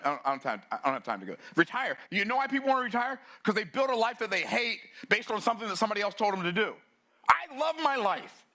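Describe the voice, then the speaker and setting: Guy in his 60s preaching hard, bright forceful voice, kinda high for a man. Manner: fiery, preachy, swings between low intensity and excited bursts. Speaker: summit speaker. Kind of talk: motivational talk.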